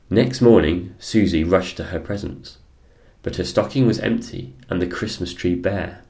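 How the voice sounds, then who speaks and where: A man reading a children's picture book aloud, unhurried and expressive. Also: sits low. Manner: unhurried, expressive, sing-song storytelling. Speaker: storyteller.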